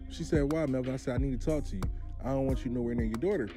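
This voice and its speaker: A man's voice: medium pitch, rapid-fire, music in the background. A man hosting his own show, telling a long personal story and acting out both sides of the phone calls. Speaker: host. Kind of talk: storytelling monologue.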